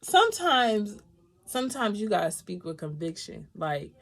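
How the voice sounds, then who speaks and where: A woman hosts a live tarot reading in a casual, animated way. She laughs often and swears freely, shifting easily between quiet, confiding asides and loud, emphatic declarations. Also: mid-range voice, normal speed. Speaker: tarot reader.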